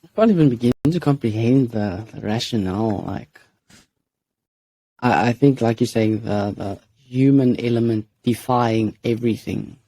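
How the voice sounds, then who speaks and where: A man co-hosting a podcast, musing in a relaxed, casual chat. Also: mid-range voice, normal speed, gravelly, no echo. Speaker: podcast co-host.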